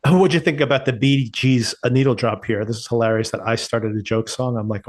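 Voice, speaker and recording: A man's voice: medium pitch, fairly quick. Male podcast co-host, medium voice, casual and reflective TV review chat. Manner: thoughtful, relaxed, chuckles often.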